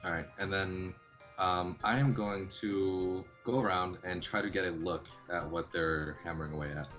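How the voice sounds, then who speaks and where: A man's voice: sits low, fairly even intonation, normal speed, fairly bright tone, dull audio, faint music behind. A man playing a tabletop game, asking questions and describing his moves in a casual way. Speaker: player.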